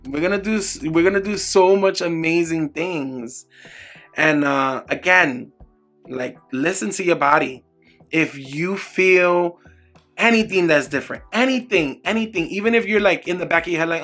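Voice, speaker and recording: A man's voice: on the high side, sharp tone. A man in a candid personal vlog, talking emphatically and with lots of swearing, repeating words for emphasis as he urges viewers on. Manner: emphatic, profane, motivational. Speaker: beauty vlogger. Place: indoors at home.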